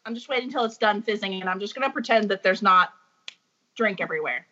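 A woman's voice: medium pitch, fast, bright, forceful tone. A woman who used to be a teacher, a podcast guest chatting casually, self-deprecating and giggly. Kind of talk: casual chat. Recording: dull lo-fi sound.

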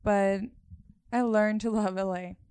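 A woman's voice: medium pitch, fairly even intonation, unhurried, a little mellow, clear, resonant tone, no echo. A woman in her thirties from Sweden, chatting casually and laughing easily. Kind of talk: casual chat.

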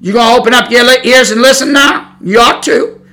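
A man's voice: extremely high pitch, brisk, bright, forceful tone. A middle-aged man preaching as a Pentecostal pastor, blunt and folksy, hammering home his points in a sermon.

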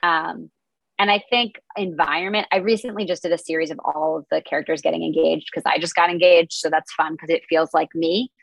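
Chatty woman with a gravelly low voice. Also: steady tone, fairly quick, dry recording, low-quality recording. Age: 20s. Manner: chatty, upbeat, lots of "like" fillers. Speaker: comedian and content creator, guest. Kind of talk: podcast interview, casual chat.

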